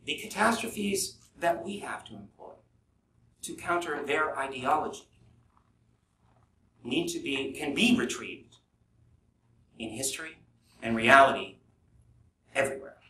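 A man's voice: medium pitch, lively intonation, a little slow, long pauses, sharp tone. A man giving a live talk at a forum, earnest and thinking aloud with restarts. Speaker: podcast host giving a talk. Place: conference room at a forum. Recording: echoey room, distant mic, faint hiss.

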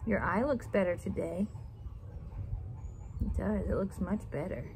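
A woman speaks in a gentle, cooing voice, soothing an animal in a casual outdoor vlog. Her pitch sits in the middle range and her talk stays soft and tender. Faint farm sounds hiss quietly behind her. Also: measured pace, gravelly. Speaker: vlogger, pet owner. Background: faint farm ambience, geese and rain.

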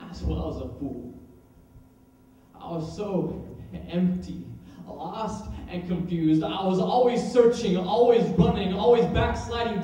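A young man performing a spoken word poem dramatically, swinging between hushed lines and loud ones. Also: sits high. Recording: very echoey room, voice far from mic.

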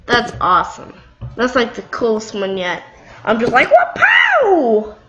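A young woman giving casual, excitable gameplay commentary, giggling and squealing. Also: a little high, moderate pace, lo-fi sound, slight background noise. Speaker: gamer.

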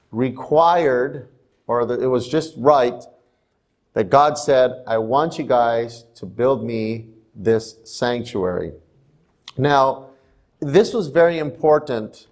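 A man's voice: mid-range voice, a little mellow. A man who is a pastor, giving a sermon in a church in a conversational, self-amused way. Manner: conversational, laughs at himself while telling stories. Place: church sanctuary.

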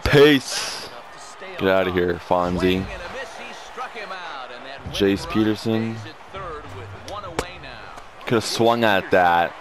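Low-voiced young man playing a game. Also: fairly even intonation, takes it slowly, pauses often, a crowd in the background. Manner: swearing, erupting into angry rants at the game. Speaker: gaming commentator. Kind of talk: casual gameplay commentary. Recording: game music playing behind.

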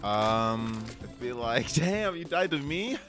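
A man streaming a shooter game, chattering excitedly, yelling and laughing through fights. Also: medium pitch, takes it slowly. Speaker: gaming streamer. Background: loud game music and gunfire.

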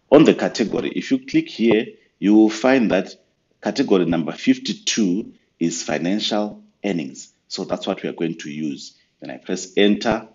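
Very deep-voiced man walking through software. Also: dull audio. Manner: patient step-by-step explaining. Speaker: software trainer. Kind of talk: screen-recorded software tutorial.

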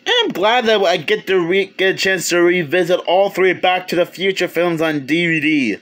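Male reviewer, high pitched voice, loose halting delivery, casual video review. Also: fairly bright tone. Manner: rambling, halting, many restarts, chuckles. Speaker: movie reviewer.

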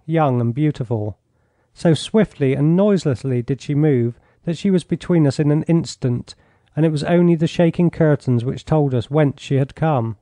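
A man narrating an audiobook in a measured, even storytelling manner on a close studio mic. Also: on the high side, no echo. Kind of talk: scripted narration.

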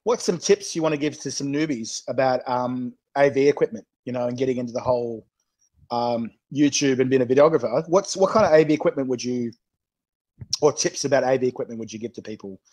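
An Australian man hosting a live-streamed chilli tasting chat, excitable and laughing often as he banters with his guest. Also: medium pitch, fast. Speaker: host.

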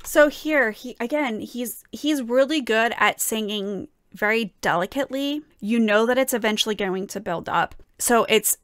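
A woman's voice: a little high, normal speed, few pauses, a bit bright, clear, resonant tone, no room sound, studio quality. A young woman flute player reacting to a song, talking with enthusiasm and gushing praise, full of fillers and restarts. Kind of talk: casual reaction and analysis.

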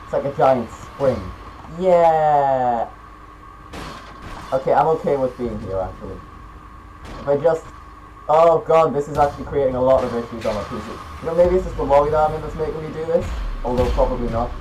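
A teenage boy giving gameplay commentary, excitable and quick to swear and yell at the game. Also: medium pitch, a little hiss or hum, rough recording. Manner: excitable, swearing, yelling outbursts. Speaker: gaming YouTuber.

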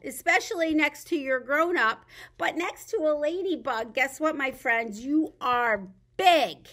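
A children's librarian leads a baby storytime, reading a picture book aloud in a playful, sing-song way and coaxing the little listeners to join in. Her voice is high-pitched, pushed and bright.

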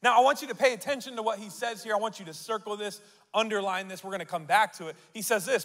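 A male pastor preaching a sermon, reading scripture aloud and building to loud declarations. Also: high-pitched, fast. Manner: reads scripture aloud and asks the crowd to repeat. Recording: long hall reverb.

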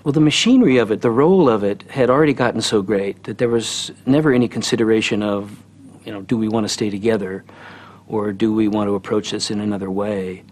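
A man speaking in a measured, thoughtful way in a documentary interview. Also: on the low side, a little mellow.

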